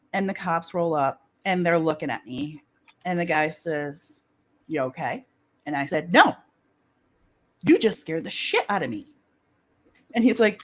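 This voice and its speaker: A woman co-hosting a casual chat, telling a story with lively acted-out dialogue and frequent laughter. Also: fairly low pitch. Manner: animated storyteller who acts out dialogue and laughs often. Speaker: podcast co-host telling a story.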